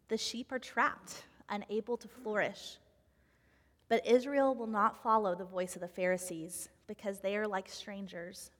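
Woman reading a devotional, earnest and slow on the big lines, long echo like a big hall. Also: mid-range voice. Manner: earnest, measured, slowing down for emphasis.

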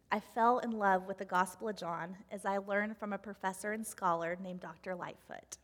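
A woman reading a devotional reflection in an earnest, measured way, slowing down on key phrases. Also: mid-range voice, fairly bright tone. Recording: long hall reverb.

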